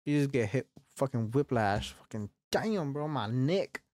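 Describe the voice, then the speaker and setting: A man's voice: medium pitch, lively intonation, normal speed, darkish tone, no room sound. Profane rambling young man podcasting. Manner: profane, rambling, swears constantly. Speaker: podcast host. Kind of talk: casual solo podcast talk. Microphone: studio microphone, varying distance.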